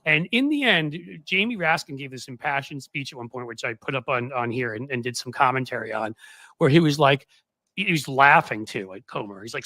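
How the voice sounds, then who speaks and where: A male podcast host with a bright, slightly raised voice talks politics sarcastically, laughing between phrases. The sound is dry and close, with no room around it. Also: a little high, very animated, a little fast, no echo. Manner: sarcastic, laughs mid-sentence.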